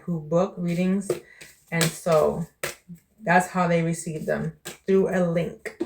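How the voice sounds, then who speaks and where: A woman's voice: fairly low pitch, slight background noise. A woman from New York, a vlogger and tarot reader, chatting casually to the camera in a candid way and calling the viewer "child" and "baby".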